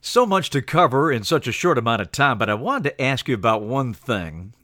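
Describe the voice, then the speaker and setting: A man's voice: medium pitch, expressive, a little fast, pushed and bright, no echo, studio quality. A man hosting a podcast, interviewing a guest with polished broadcaster delivery.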